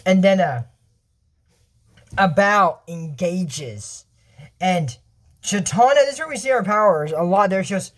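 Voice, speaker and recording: A man casually recapping a cartoon episode. He rambles and acts out the characters' lines, jumping up and down in pitch. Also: expressive, a little slow, long pauses.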